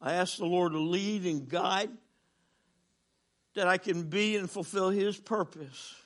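A man in his sixties preaching a sermon as a traveling minister, telling stories with jokes and swinging from loud to hushed. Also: high voice, measured pace.

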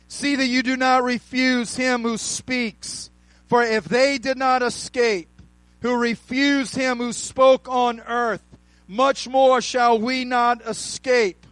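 A man preaching a sermon, calling out to the congregation and rising to shouts, with slow, drawn-out emphasis on key words. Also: very high voice, dry recording, poor audio.

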